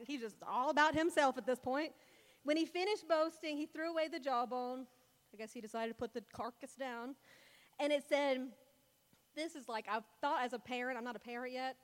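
A young woman giving a casual, playful sermon, retelling Bible stories and acting out the characters in mock voices. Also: sits high. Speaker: speaker preaching to a congregation. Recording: long hall reverb.

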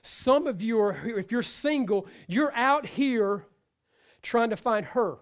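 Male pastor, high-pitched, conversational sermon delivery with restarts and asides. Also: animated, takes it slowly. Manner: conversational preaching with repetitions and asides.

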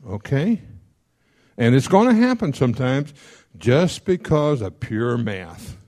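Man, folksy money lecture, mellow dark voice, checks in with class, quick strings of numbers. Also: mid-range voice, very animated. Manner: folksy, checks in often with the audience; rattles off figures quickly. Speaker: financial counselor teaching a class. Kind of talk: classroom lecture on debt repayment.

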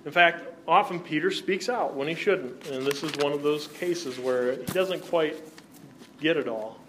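A man's voice: a little high, unhurried, a bit bright, a little hiss or hum. A man teaching a Bible class, who keeps checking in with his listeners by asking "right?" and putting questions to the group.

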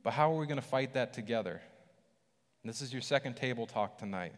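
A man preaching a casual sermon, animated and conversational, acting out scripture with lively voices. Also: mid-range voice, fairly quick, long reverb tail.

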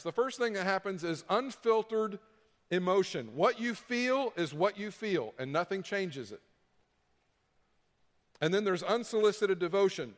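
High-voiced preaching man in a hall. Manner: preaching with emphatic repetition and acted-out quotes. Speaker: pastor. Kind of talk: sermon.

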